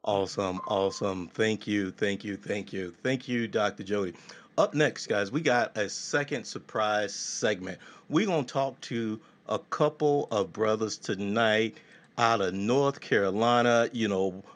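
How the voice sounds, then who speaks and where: A man hosting a casual talk show, animated and jokey, repeating his thanks. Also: on the low side, measured pace. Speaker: show host.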